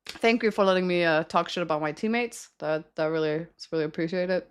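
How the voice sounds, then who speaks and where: A woman's voice: lowish voice, brisk, clear, resonant tone. A young woman streaming and chatting casually with viewers, giggling often and ranting with plenty of swearing. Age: young adult.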